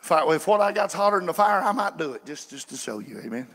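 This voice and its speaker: High, bright-voiced preacher. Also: male voice, very animated, fast talker. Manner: folksy preaching, swinging from quiet asides to shouted fervor. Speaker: pastor. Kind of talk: sermon. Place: church sanctuary. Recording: echoey church hall.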